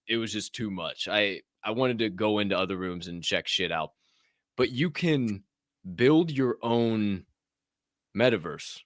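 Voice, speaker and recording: A low-pitched man co-hosting a casual podcast, with a forceful, punchy tone. He swears freely and tells his stories with big animated energy, and his voice sounds dry and close with no room sound. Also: no echo. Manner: loud, profane, animated storyteller. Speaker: podcast co-host.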